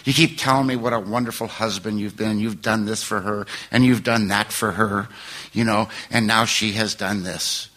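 A man's voice: lowish voice, steady tone, moderate pace, pushed and bright. An older man sharing his life story at a recovery meeting, rambling and emotional, laughing through painful memories. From California.

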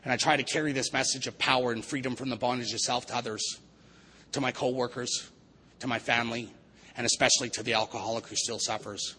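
Earnest, bright-voiced man preaching. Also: medium pitch, steady tone, fast talker, slightly rough, low-quality recording. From Vancouver area, Canada. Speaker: recovery meeting speaker. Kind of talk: recovery testimony speech.

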